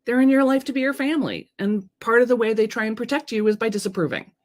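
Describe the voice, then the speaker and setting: A woman hosting a live-streamed coaching talk, frank and animated, who swears casually and reads out viewer comments. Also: on the high side, fast talker.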